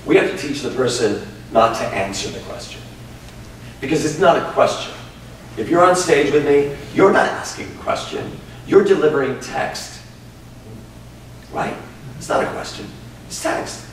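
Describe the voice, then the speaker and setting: A man, an improv teacher, talking in a casual interview, animated, laughing often and swearing freely. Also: a little high, normal speed, pauses often. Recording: echoey room from a distant mic with noise.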